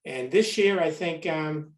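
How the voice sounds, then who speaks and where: A man who co-chairs a convention, talking in an easygoing, measured way on a podcast. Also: fairly high pitch, reverberant, recorded from a distance. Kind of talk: casual podcast chat.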